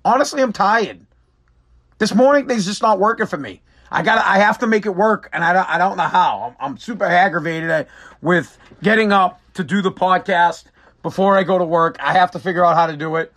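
A man's voice: sits high, fairly quick, a bit bright. A tired man hosting his own podcast, ranting in a profane, exasperated, rambling way. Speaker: podcast host. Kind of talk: casual solo podcast rant.

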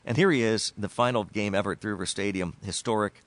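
A middle-aged man, a baseball broadcaster, telling stories as a guest in an interview, animated and stumbling over repeated words when excited. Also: on the low side, fast, no echo. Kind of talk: storytelling interview.

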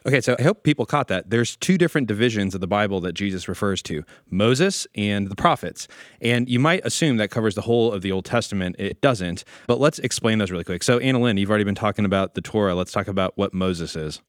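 A man's voice: fairly low pitch, expressive, fast talker, no echo, studio quality. A man co-hosting a Bible podcast, explaining with energy and a joking streak in a casual discussion. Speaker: podcast co-host teaching about the Bible.

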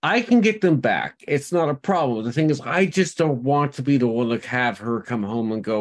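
A man's voice: medium pitch, lively intonation, normal speed, hardly any pauses. A man co-hosting a podcast, telling rambling anecdotes full of restarts in casual chat. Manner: rambling storyteller, lots of restarts. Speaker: podcast co-host.

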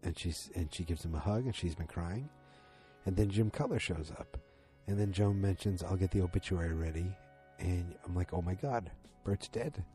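A man casually recapping a TV episode. He rambles excitedly and acts out the lines he quotes. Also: low-pitched, normal speed, faint music behind.

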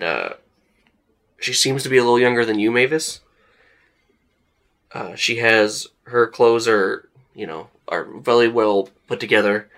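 Low-voiced man running a tabletop game. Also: bright, forceful tone. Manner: loose, descriptive, heavy with fillers like "like". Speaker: game master.

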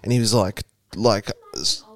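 A young Australian man co-hosting a podcast, trading relaxed jokes and banter in casual chat. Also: on the low side, gravelly. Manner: relaxed, joking, quick banter. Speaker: podcast co-host.

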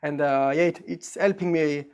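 This is a man with a French accent answering questions in English, a native French speaker. His voice is gravelly and sits a little high. He hesitates often and searches for the right words. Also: steady tone, normal speed, darkish tone. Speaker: actor guest. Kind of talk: casual interview answers.

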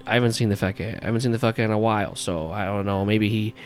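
A man voicing a crude, gruff New York cab dispatcher with a put-on New York accent who swears and blusters. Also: on the low side, racing, faint music behind, close to an everyday voice. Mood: grumbling.

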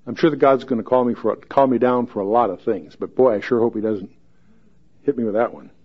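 A man's voice: mid-range voice, fairly quick, slightly rough, highs cut off. A man giving a verse-by-verse Bible teaching in a folksy, joking way, reading scripture aloud with rising emphasis.

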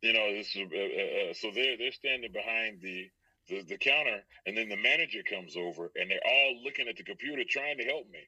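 A man from Texas, a voice actor guest, telling a story in a casual, animated way, with laughter and many restarts. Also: on the low side, a little fast, breathy edge, no room sound, far from the mic, poor audio.

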